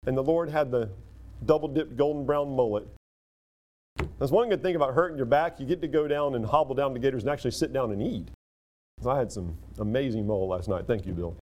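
A man preaching a sermon, emphatic and animated, often breaking off and restarting his sentences. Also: medium pitch, a little fast, slight background noise. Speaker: pastor.

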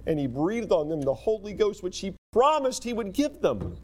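A man preaching a sermon, emphatic and animated, often breaking off and restarting his sentences. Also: high-pitched, moderate pace, slight background noise. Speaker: pastor.

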